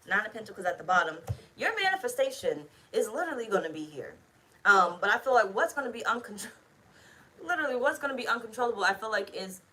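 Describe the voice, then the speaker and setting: Woman tarot reader, bright edgy tone, profane and blunt, chatty delivery to camera. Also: medium pitch, slight background noise, rough recording. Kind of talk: casual tarot reading to camera.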